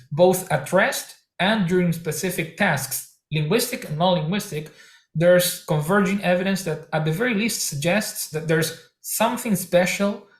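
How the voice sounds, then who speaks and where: A man being interviewed as a researcher, giving careful, halting academic explanations. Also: fairly high pitch. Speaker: researcher guest. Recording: echoey room.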